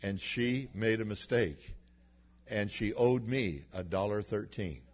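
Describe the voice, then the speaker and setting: A male preacher delivers a sermon to a congregation in church, telling personal stories in a folksy, humorous way. His voice is on the low side and slow-paced, captured in a dull lo-fi recording.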